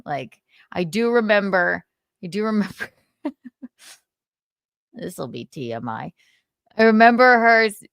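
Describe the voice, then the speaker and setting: A woman's voice: lowish voice, creaky, fairly bright tone, no echo, studio quality. A woman hosting a live stream, telling a story in a casual way and laughing often.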